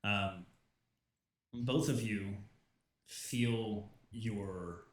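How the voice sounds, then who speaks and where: A young man running a tabletop game as game master, casual and halting, with many fillers and restarts. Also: on the low side. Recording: roomy, distant home mic.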